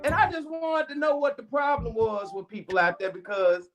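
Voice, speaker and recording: A man, co-hosting a casual sports talk show and ranting boastfully with an animated delivery. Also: very high-pitched, moderate pace, over music. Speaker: co-host.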